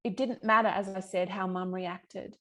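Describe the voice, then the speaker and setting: A woman's voice: medium pitch, steady tone, normal speed. Earnest woman sharing her healing story. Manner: earnest and emphatic, with frank swearing. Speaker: podcast guest, yoga teacher and healer. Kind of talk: candid personal storytelling in conversation.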